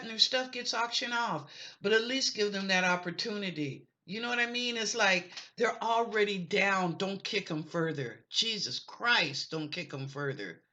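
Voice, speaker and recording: A woman's voice: mid-range voice, sharp tone. Emphatic, pleading middle-aged woman. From United States. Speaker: online psychic show host. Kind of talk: impassioned monologue to camera.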